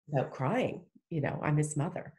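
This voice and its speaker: A woman's voice: low voice, expressive, moderate pace, a little mellow. A middle-aged woman speaking as a podcast guest, earnest and heartfelt in a casual faith conversation. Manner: earnest, heartfelt, emphatic with restarts.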